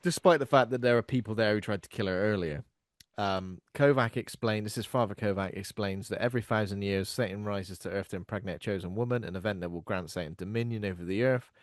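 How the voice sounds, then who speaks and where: A man's voice: fairly low pitch, quick pace, no echo, studio quality. A man co-hosting a casual film review podcast, summarizing the plot and laughing easily. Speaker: podcast co-host.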